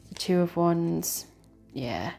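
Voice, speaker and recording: A woman with a fairly low voice talks through a tarot card reading. She speaks earnestly and with feeling, circling back over her phrases. Soft music plays faintly behind her. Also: animated, slow, gravelly. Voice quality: earnest, emotional, repetitive phrasing. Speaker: tarot reader.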